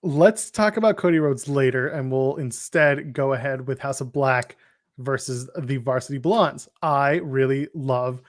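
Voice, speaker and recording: A man's voice: medium pitch, measured pace, no room sound, clean studio sound. A man co-hosting a wrestling podcast, recapping matches in a wry, joking, rambling way. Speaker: podcast co-host. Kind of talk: casual wrestling chat.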